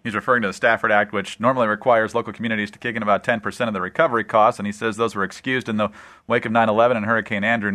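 A man hosting a radio interview, asking questions in a measured way with frequent hesitations. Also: mid-range voice, fairly bright tone, dry recording. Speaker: radio host. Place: radio studio.

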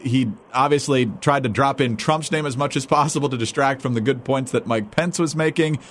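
A man hosting a political talk show, speaking in a steady, matter-of-fact way. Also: mid-range voice, fairly quick, a little hiss or hum. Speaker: show host.

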